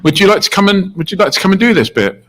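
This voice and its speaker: A man's voice: high voice, very animated, fast, a bit bright. A man hosting a live show in a studio, chatting casually and joking with his co-hosts. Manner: jokey, chatty, teasing co-hosts. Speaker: livestream host.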